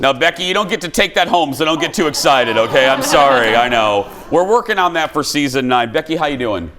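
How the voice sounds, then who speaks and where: A man's voice: fairly high pitch, a little fast, a crowd in the background. A man hosting a comedic talk show in a TV studio, telling self-deprecating stories and jokes to a live audience. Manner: jokey, animated, self-deprecating storyteller. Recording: studio audience and background noise.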